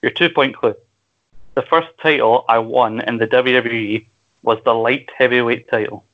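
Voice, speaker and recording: A man's voice: medium pitch, steady tone, moderate pace, phone-quality sound. Scottish man hosting a quiz, crude jokes. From Scotland. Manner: crude, joking, explains rules at length. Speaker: quiz host. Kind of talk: casual podcast quiz.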